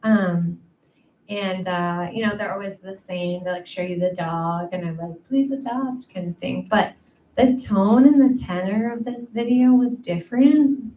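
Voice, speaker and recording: A young woman doing a stand-up set, talking slowly and loosely, filling her pauses with "um" and "like." Her voice sits a bit back from the mic in an echoey room with faint noise underneath. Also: mid-range voice, dark tone, recorded from a distance. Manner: chatty, self-deprecating, many ums and likes. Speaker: stand-up comedian.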